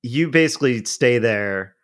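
Host: man, mid pitch, lively intonation, stops and restarts while framing questions. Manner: halting, rephrases questions with many restarts. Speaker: interviewer. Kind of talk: casual conversation.

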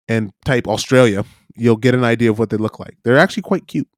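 A man co-hosting a casual talk show, telling stories in a lively way, acting out the voices he quotes and checking in with "right?". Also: medium pitch, fast, few pauses, no echo, clean studio sound. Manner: animated storyteller, acts out quoted voices, many "right?" tags. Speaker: podcast co-host. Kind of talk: casual chat, storytelling. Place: lives in New Zealand.

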